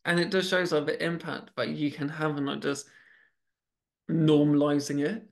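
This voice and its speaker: Man, higher voice, flat delivery. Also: moderate pace, vocal fry. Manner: chatty, with frequent restarts and repeated words. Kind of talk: casual storytelling conversation.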